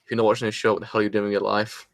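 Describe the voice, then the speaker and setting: A man doing a live reaction review from his room, rambling excitedly and swearing casually, with a sore throat. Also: lowish voice, very fast, gravelly, no echo. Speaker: anime reviewer.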